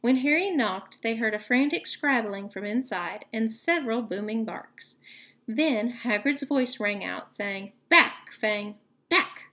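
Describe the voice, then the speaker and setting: A woman teacher reading a novel aloud to her book club, with lively, expressive narration. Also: on the high side, a little slow.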